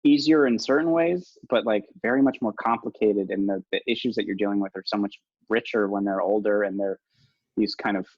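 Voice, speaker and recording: A man's voice: lowish voice, a little fast, darkish tone, slightly rough, no room sound. A man who is a podcast guest and new father, talking in a rambling, self-mocking way with many restarts and laughs. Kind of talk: casual podcast conversation. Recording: dull, lo-fi dry audio.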